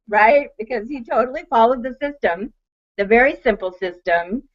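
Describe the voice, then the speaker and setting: A woman's voice: fairly high pitch, lively intonation, normal speed. Older woman giving an eager testimonial over a dull, lo-fi call line. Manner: bubbly, laughing, acts out quotes. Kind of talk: excited personal testimonial. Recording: muffled online call audio.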